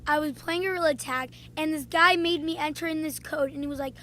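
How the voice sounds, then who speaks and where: High bright chatty woman vlogger. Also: fairly even intonation, a little fast, hardly any pauses. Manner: chatty, playful, with frequent "um"s. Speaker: video creator. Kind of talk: casual vlog storytelling.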